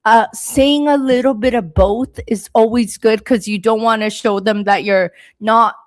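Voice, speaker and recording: Young woman, English teacher hosting a live class; slightly high voice, speaks slowly and clearly for learners. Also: fairly even intonation. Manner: slow, deliberate, encouraging teaching delivery. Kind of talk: live-stream lesson.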